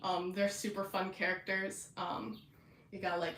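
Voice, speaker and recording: A woman's voice: mid-range voice, level tone, measured pace, fairly bright tone, echoey room. A young woman hosting a casual chat, bubbly and giggly, with lots of fillers. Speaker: podcast host.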